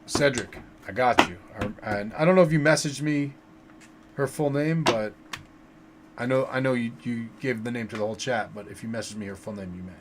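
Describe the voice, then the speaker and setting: A man hosting a casual livestream tarot reading, reading viewers' names from the chat and giving relaxed advice, with many fillers and repeated words. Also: medium pitch, a little fast, very noisy.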